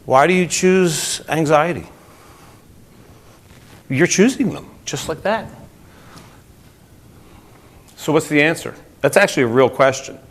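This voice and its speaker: A man with a slightly high voice and a New Jersey accent gives an energetic motivational talk to a group, speaking a little slowly with long pauses. He regularly asks his listeners questions.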